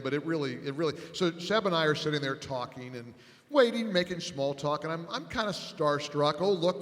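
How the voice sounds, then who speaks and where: A radio talk host telling an animated story to a live audience, building to loud punchlines, on a stage microphone. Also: male voice, medium pitch. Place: large event hall on stage. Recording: long reverb in a big hall.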